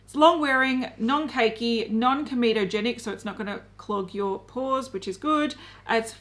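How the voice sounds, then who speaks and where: A woman talks through a product rundown in a relaxed co-hosted chat. She is conversational and drops in the odd um. Her voice is a little higher than average. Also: moderate pace. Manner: conversational, runs through product details with filler ums. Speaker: beauty news co-host. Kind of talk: casual chat.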